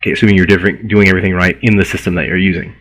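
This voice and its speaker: A man's voice: sits low, flat delivery, racing, a bit bright, rough recording. A man giving a university philosophy lecture in a conversational way, often restarting words and repeating himself.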